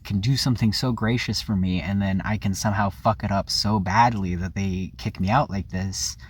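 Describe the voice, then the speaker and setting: A man's voice: lowish voice, fairly even intonation, moderate pace, breathy edge. A man vlogging a candid personal story, rambling and confessional, often circling back and correcting himself. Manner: rambling, frank and confessional, with self-corrections and frequent "like".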